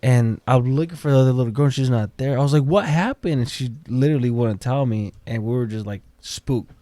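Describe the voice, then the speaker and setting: A man's voice: mid-range voice, fast, mellow, dry recording. A man guest on a podcast, telling a story casually and acting out the quotes, with swearing.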